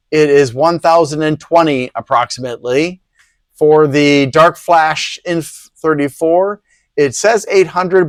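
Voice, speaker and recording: On the high side and free of room sound, this man hosts a PC hardware review channel. He talks through products in an easygoing, rambling style laced with sarcastic asides.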